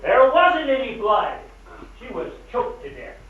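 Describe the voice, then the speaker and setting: An actor playing a sardonic, polished worldly traveler in an old film. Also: male voice, very high voice, sing-song, measured pace, a little hiss or hum, full character voice. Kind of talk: 1940s film acting. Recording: echoey, distant, dull old film soundtrack.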